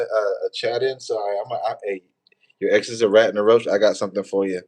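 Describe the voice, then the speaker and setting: A man's voice: lowish voice, a little fast, a little mellow. A man, hosting a tarot livestream in rambling, profane, joking casual chat.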